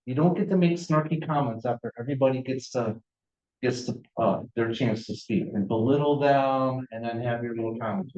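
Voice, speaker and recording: A man's voice: mid-range voice, moderate pace, darkish tone, roomy sound, lo-fi sound. A man speaking as a board trustee at a village meeting, insistent and accusatory. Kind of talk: heated public meeting debate. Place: village hall meeting room.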